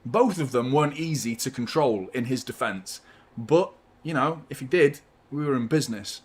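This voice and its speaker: A man's voice: mid-range voice, moderate pace, husky. A man hosting a live football watchalong, giving chatty, partisan fan commentary and swearing freely.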